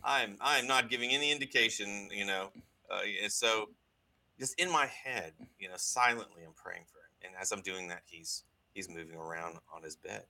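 A man, a guest on a talk show, telling a personal story in an earnest, halting way with many restarts. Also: lowish voice, bright, forceful tone, low-quality recording.

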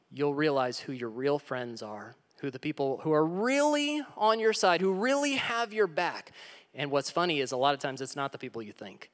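Guy pastor preaching, kinda high voice, swings loud then soft, big echoey hall. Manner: dramatic retelling with big swings in pitch and loudness. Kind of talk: sermon.

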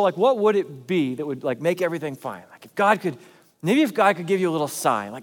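A man's voice: high-pitched, very animated, fast talker, long reverb tail. A male pastor preaching a sermon in a church, talking conversationally and then pressing hard on key points. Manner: conversational, emphatic preaching with big swings in loudness.

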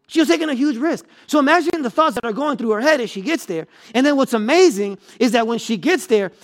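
A man preaching a sermon as pastor, talking conversationally with the congregation, checking in with them and repeating words as he builds a point. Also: extremely high pitch.

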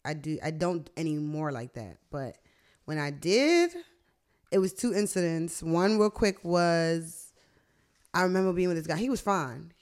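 A woman's voice: on the low side, measured pace. A young woman, a podcast host in casual chat, swearing freely and acting out quotes as she tells stories. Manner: animated storytelling, profane, acts out quotes.

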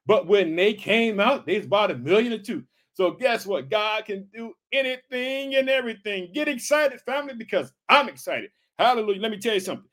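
A man from Illinois preaching an energetic podcast sermon, fervent and repetitive, calling out to his listeners again and again. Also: high voice, a little fast, hardly any pauses. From Illinois, United States. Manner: fervent, repetitive calls of "guess what" and "hallelujah".

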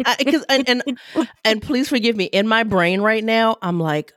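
A woman's voice: fairly high pitch, moderate pace, dry recording, studio quality. Chatty reflective woman host. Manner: reflective, rambling, gets animated. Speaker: podcast host. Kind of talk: conversational interview.

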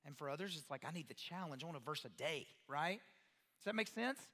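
A man, a pastor, giving an animated sermon-style talk to parents, acting out quoted voices and asking the audience questions. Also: fairly high pitch, quick pace, in a large hall.

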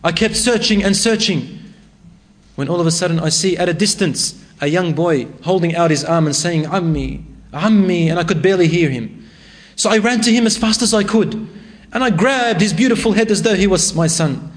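A man's voice: sits high, expressive, brisk. A man preaching a sermon, reciting Arabic verses and retelling a story with rising emotion.

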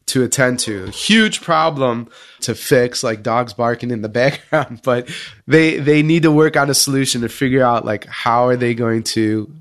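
A man guesting on a podcast, telling an animated story in casual interview talk. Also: medium pitch, moderate pace. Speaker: school leadership podcast guest.

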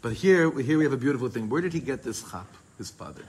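A man teaching a Torah class to a small group, quickly reading Hebrew passages and then explaining them in English in a lively way. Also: mid-range voice, husky, low-quality recording.

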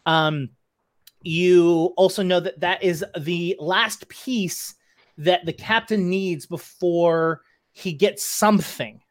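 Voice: mid-range voice, slow pace. Laid-back online game master. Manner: relaxed, recapping with many "uh"s. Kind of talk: narrating a tabletop game online.

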